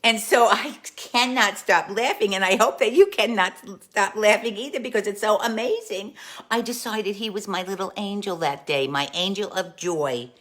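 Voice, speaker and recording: A woman playing a warm, gossipy aunt who hosts a live stream, chatting to viewers and calling them dolls. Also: mid-range voice, normal speed, close to an everyday voice. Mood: chatty storytelling. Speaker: comic host. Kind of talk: live-stream storytelling in character.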